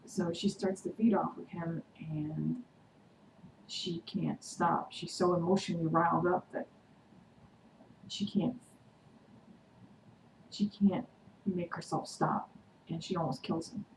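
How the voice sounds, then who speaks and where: A woman vlogger chatting through a TV episode recap, excitedly acting out the characters' quotes. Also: fairly low pitch, takes it slowly, gravelly, pauses often. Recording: echoey room, distant mic, noisy.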